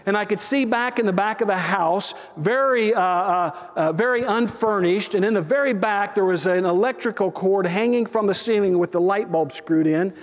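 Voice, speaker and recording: Man, pastor, high voice, storytelling sermon, chatty asides to the congregation, long church reverb. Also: moderate pace, hardly any pauses. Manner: conversational, with audience asides. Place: church sanctuary.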